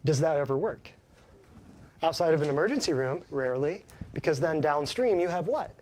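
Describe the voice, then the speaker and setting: A man gives a live health talk as a chiropractor, folksy and emphatic. His voice sits a bit high for a man, and he keeps throwing questions at the small audience. A faint hiss of noise runs under the recording. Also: animated, moderate pace, darkish tone.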